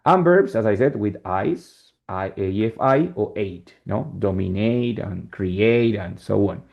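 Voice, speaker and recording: A lowish, gravelly male voice with a Spanish accent, teaching English to a class. He explains patiently and keeps checking in with "right?" and "yes?". The recording sounds dull and lo-fi. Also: expressive, unhurried. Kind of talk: classroom lesson.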